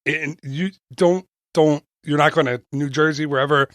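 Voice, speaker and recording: A man's voice: a little high, fairly even intonation, moderate pace, fairly bright tone, no room sound, studio quality. A man co-hosting a travel podcast in casual chat, joking and often restarting his sentences. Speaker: podcast co-host.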